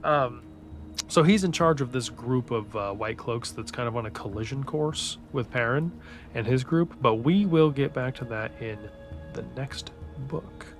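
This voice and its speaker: A man's voice: medium pitch, measured pace. A man hosting a casual book recap podcast, rambling enthusiastically and swearing a lot. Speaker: podcast host recapping books. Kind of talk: casual chat. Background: faint background music.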